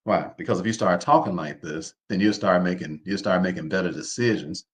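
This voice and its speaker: A man with a very low voice hosts a live online session. He drives his points home by repeating them and keeps asking his listeners to answer him. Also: fairly quick. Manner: preacher-like, calls on the audience to respond; repeats phrases, informal speech. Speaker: host. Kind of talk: live online seminar talk.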